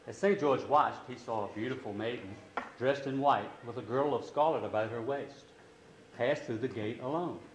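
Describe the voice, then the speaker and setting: A man reading a storybook aloud to a class, steady and expressive, lifting his voice for quoted lines. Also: medium pitch, normal speed, echoey room, slight background noise, poor audio.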